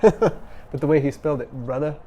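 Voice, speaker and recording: On a casual pet livestream filmed at home with a camera on a tripod, a man chats upbeat and reads comments aloud, often saying um and restarting. His slightly high, warm voice moves at a moderate pace, and the audio has its highs cut off plus a little hiss or hum.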